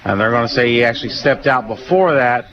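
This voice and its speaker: A man's voice: mid-range voice, fairly quick, slight background noise. Tired Southern man calling football on radio. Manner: relaxed, folksy, frequent fillers. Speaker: play-by-play announcer. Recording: dull lo-fi radio broadcast.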